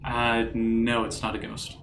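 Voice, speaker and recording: Male game master, bright tone, relaxed tabletop narration, roomy sound. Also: mid-range voice, a little slow, a little hiss or hum. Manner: casual, loose, laughs easily.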